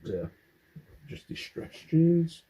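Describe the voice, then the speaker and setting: A man's voice: a little high, sing-song, slow, warm tone, slightly rough, poor audio. An English man in a casual haul vlog, rambling as he goes through his finds and humming to himself between items. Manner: rambling, hums while sorting items. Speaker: clothing reseller.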